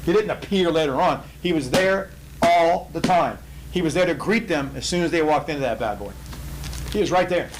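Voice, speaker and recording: A man teaching a Bible study in an emphatic, animated way, repeating key phrases for effect. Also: on the high side, normal speed, background noise. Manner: emphatic, repetitive, animated storytelling.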